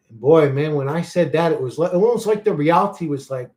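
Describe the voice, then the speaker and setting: A man's voice: on the high side, brisk, hardly any pauses. A man hosting his own channel, telling a rambling story in casual chat, swearing heavily and getting worked up in bursts. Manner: excitable, rising and falling in bursts. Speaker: channel host.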